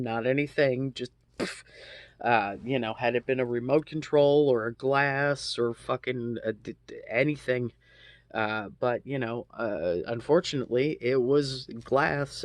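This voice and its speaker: Slow, halting man telling a story. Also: medium pitch, no room sound. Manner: halting, profane, many restarts. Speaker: vlogger. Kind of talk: casual storytime monologue.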